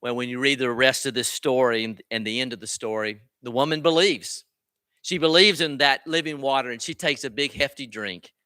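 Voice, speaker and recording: A man's voice: medium pitch, fairly quick, bright, forceful tone, clean tone, dry recording. A man preaching a sermon as a pastor, earnest and direct, often asking his listeners rhetorical questions.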